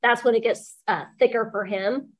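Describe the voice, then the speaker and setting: Woman, author guest, fairly high voice, animated storyteller, casual interview. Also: moderate pace. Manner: lively storyteller, quotes people in funny voices.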